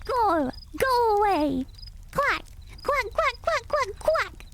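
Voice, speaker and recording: A woman voicing mean, bratty yellow ducklings who taunt and quack in a storybook reading. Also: sing-song, slow pace, slight background noise, full character voice. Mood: shrill. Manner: taunting, shrill.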